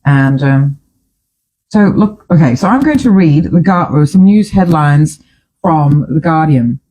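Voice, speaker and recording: Woman talk show host, lowish mellow voice, very lively pitch, chatty and opinionated, wandering asides, studio. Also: unhurried, low-quality recording. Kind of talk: casual talk show chat.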